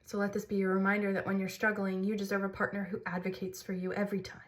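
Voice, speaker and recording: A woman's voice: medium pitch, monotone, fast talker. A woman candidly telling a personal story to camera, earnest and conversational, like a storytime vlog. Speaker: mother sharing her story.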